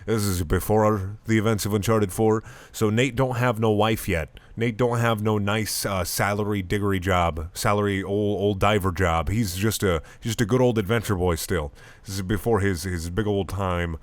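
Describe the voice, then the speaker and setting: Brief: low-pitched man, sarcastic comedic reader, dry close sound. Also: fairly even intonation, moderate pace, no room sound. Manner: sarcastic, profane, laughing. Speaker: YouTuber reading fan fiction. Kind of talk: comedic dramatic reading.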